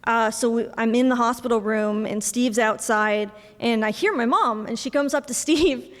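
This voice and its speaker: A young woman giving a memorial speech for her mother, telling family stories with soft laughs and acting out bits of dialogue. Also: a little high, normal speed. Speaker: eulogy speaker, daughter of the deceased. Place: memorial service hall. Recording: long reverb of a large hall.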